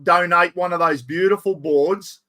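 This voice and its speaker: A man's voice: high voice, a little slow, pushed and bright. A middle-aged Australian man hosting a casual camping live stream, chatting in a blokey way, reading out viewer comments and swearing freely.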